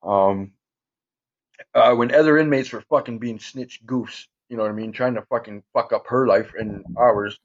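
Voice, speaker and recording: A man's voice: mid-range voice, normal speed, lo-fi sound. A man telling a long story in casual chat, swearing constantly, using street slang and rambling through fillers.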